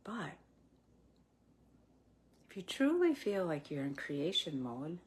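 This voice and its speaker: A middle-aged woman giving a gentle, reflective spiritual talk with soft laughs now and then. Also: low voice, very animated, slow. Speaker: spiritual teacher. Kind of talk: spiritual talk, live stream.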